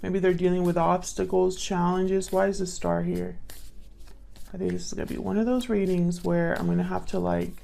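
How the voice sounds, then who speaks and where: A woman's voice: fairly low pitch, flat delivery, normal speed, vocal fry, warm tone. A woman giving a casual tarot reading, thinking aloud and murmuring questions to the cards as she pulls them. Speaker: tarot reader.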